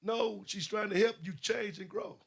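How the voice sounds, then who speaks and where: A man's voice: high voice, steady tone, normal speed, creaky, husky. A man preaching a sermon, questioning his listeners and building emphasis. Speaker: pastor.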